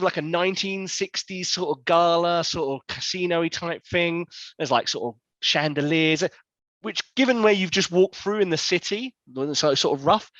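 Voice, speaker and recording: A man's voice: a little high, a bit bright, no room sound. A man, narrating a tabletop game as game master in a loose, rambling way with many fillers. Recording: dull, lo-fi sound.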